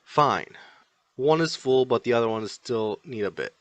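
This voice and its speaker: A brash, hot-tempered young man who spits insults and gruff orders, as a male reader puts him on. His voice sits in a middle register. The sound is dry and close. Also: medium pitch, lively intonation, unhurried, no room sound, natural voice. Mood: irritated. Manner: scornful, snapping insults.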